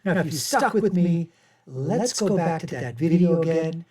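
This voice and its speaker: A man's voice: a little high, expressive, moderate pace, warm tone. A man hosting a commentary show who rants in a mocking, indignant way and repeats his insults. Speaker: show host. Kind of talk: ranting video commentary. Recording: echoey room, mic set far off.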